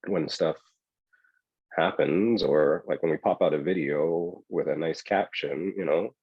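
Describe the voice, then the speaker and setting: A man's voice: a bass voice, unhurried, slightly rough, no echo, highs cut off. A man co-hosting a podcast, talking in a loose, rambling way full of "right?" and "yo". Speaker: podcast co-host. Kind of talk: casual chat.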